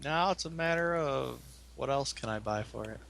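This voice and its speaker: Laid-back bright-voiced man cohost. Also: medium pitch, normal speed, gravelly, slight background noise. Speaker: podcast co-host. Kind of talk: casual chat.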